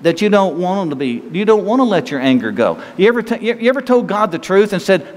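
Man preaching, high voice, conversational sermon, rhetorical questions, echoing hall. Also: very animated, quick pace, few pauses. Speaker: pastor. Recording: long reverb hall, faint noise.

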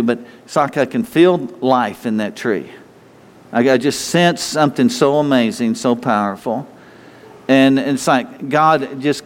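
Preacher man in a reverberant hall. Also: mid-range voice. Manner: rambling, repetitive, with frequent restarts. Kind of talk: informal sermon.

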